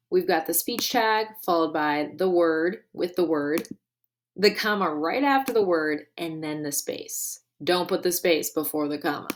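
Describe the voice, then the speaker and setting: Brief: woman teacher, deliberate recorded grammar lesson, faint hiss behind. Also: fairly low pitch. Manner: clear and deliberate, stressing key words.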